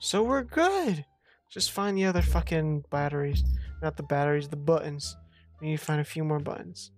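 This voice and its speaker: A gameplay commentator swearing, rambling and talking back to the game, breaking into sudden loud outbursts. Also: medium pitch, expressive, moderate pace, soft background music. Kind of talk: let's play commentary.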